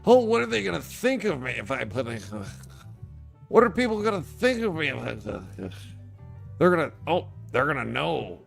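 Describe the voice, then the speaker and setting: A man's voice: fairly low pitch, normal speed, gravelly, hardly any pauses, fairly bright tone, soft background music. A man putting on the whiny voice of an anxious, ashamed man who worries what people think. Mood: mock-ashamed. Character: anxious, ashamed man fretting over others' opinions.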